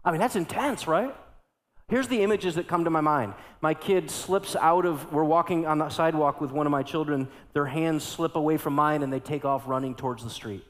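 A middle-aged male pastor preaching a sermon, going from hushed storytelling to loud, urgent exclamations. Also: a little high, fairly quick, big-room sound.

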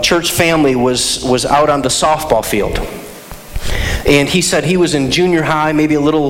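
A man pastor preaching a sermon, telling stories in an animated way with restarts and side remarks. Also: mid-range voice, slight background noise. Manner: animated storytelling with restarts and asides. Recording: long hall reverb, faint ambience.

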